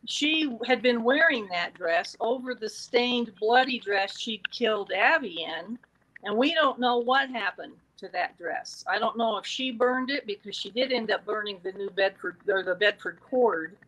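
A woman's voice: on the high side, measured pace, a little hiss or hum, rough recording. A woman in casual conversation, telling a true-crime story with animation and acting out quoted exchanges. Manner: animated, acts out the quotes from the record.

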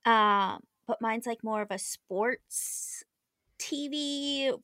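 Slow-talking, bright-voiced woman. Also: fairly high pitch, dry recording. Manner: easygoing, laughs often. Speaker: podcast co-host. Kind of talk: casual chat.

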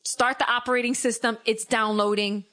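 Woman, casual storytelling, animated, quotes people in voices, laughs often. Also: fairly high pitch, moderate pace.

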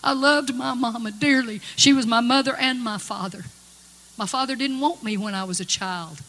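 With a fairly high, slightly bright voice at a moderate pace, a woman who sings gospel offers heartfelt, homespun testimony to the congregation. The hall, a church or conference space, rings with long reverb and music.

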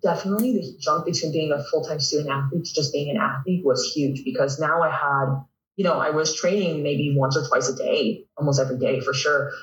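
Young Canadian man, animated, echoey and distant. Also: fairly high pitch, fairly quick. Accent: Canadian English. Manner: animated, laughs often, uses lots of "like". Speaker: guest, pro volleyball player. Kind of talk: casual interview storytelling.

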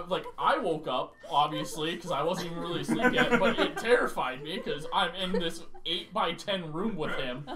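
A man's voice: high voice, distant mic. A young man co-hosting a podcast, telling a story casually and animatedly, swearing and laughing as he goes. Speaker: podcast co-host.

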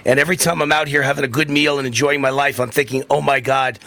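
A man's voice: mid-range voice, fairly even intonation, racing, pushed and bright, no room sound. A man hosting political talk radio, fervent and indignant, hammering his points with repeated phrases. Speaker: radio talk show host.

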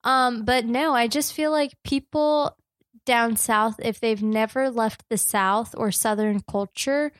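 A young woman from New Jersey talks in a casual podcast chat, pitched a touch high. She is chatty and quick to poke fun at herself. The room sounds dry and close. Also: no room sound. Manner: chatty, self-deprecating, laughs easily. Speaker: podcast co-host.

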